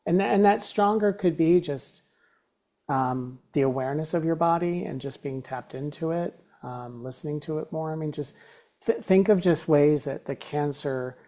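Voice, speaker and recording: A woman's voice: sits low, mellow. A woman hosting a podcast, asking encouraging questions. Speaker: podcast host. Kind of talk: casual interview conversation.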